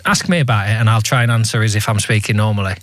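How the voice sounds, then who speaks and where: A man's voice: lowish voice, racing, no echo. A man hosting a radio show, chatting in a dry, joking way. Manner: dry, joking, lively banter. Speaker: radio host. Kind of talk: casual radio chat.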